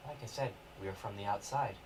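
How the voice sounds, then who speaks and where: A man's voice: fairly low pitch, quick pace. A man playing his character in a tabletop game, speaking formally and earnestly, recorded from a distant mic with hiss. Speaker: player. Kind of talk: in-character tabletop role-play.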